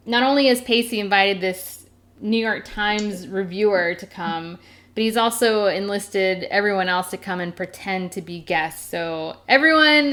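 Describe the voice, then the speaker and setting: Bright-voiced woman recapping a show. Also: mid-range voice. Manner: laughing, retelling scenes with quoted voices. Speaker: podcast co-host. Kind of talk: casual recap chat.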